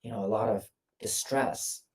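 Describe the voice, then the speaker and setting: A woman's voice: a bass voice, normal speed, darkish tone, far from the mic. A woman voice coach, a guest on the show, explaining technique with many hesitations and fillers over a remote call. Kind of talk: instructive interview answers.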